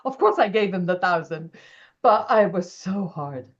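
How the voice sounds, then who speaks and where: A woman, an interview guest, telling her story with animated energy and acting out the lines of people in it. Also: fairly low pitch, unhurried. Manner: animated, acts out quoted dialogue. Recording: dull lo-fi audio.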